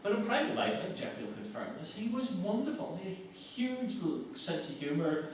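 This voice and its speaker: A man's voice: high voice, very animated, fairly quick, a little hiss or hum. Brief: male speaker, anecdotal and wry, recorded from afar in a reverberant hall. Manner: conversational, storytelling, self-mocking. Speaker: guest speaker. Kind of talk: anecdotal public talk. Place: lecture hall. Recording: echoey hall from far off.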